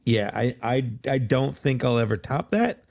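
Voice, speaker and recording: A man co-hosting a podcast in relaxed, casual chat, loose and full of fillers and restarts. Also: mid-range voice, normal speed, vocal fry. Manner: laid-back, loose, many fillers and restarts. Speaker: podcast co-host.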